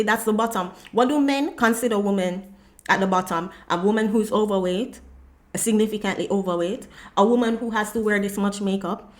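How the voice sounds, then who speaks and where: A woman hosting a reaction video, giving blunt, emphatic critical commentary. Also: on the high side.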